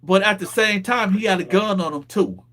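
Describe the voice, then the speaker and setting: A man hosting a casual talk show, telling a street story with lively acted-out quotes. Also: sits high, normal speed, crowd noise. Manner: animated storyteller, acts out quoted voices. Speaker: host.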